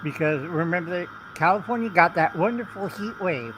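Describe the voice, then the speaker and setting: A man's voice: sits high, animated, brisk, fairly bright tone, slight background noise, rough recording. A man calling into a casual live chat, rambling as he lists things off. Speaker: chat guest.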